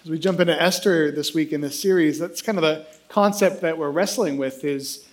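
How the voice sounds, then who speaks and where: Man, 30s, pastor, high-pitched, animated, self-deprecating sermon. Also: moderate pace, slight background noise. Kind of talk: sermon with humorous story.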